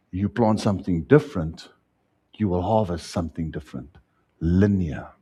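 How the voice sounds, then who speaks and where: South african pastor guy mid sermon, husky and kinda dark sounding, goes loud then drops soft. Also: on the low side, moderate pace. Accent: South African English. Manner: preaching with wide swings, rising loud then dropping soft.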